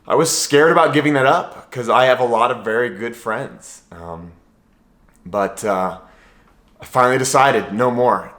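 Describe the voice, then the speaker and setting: A man talks openly into a self-recorded camera, his tone earnest and heartfelt. His delivery is casual, loose and unscripted, with everyday fillers and restarts. His voice sits at an ordinary middle pitch. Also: fairly bright tone. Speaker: vlogger. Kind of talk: candid personal monologue to camera.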